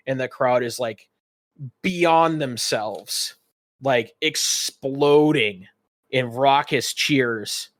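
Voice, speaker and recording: Man, game master, unhurried rambling narration, middle pitch, dry close sound. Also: no echo. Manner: rambling descriptive narration with many fillers.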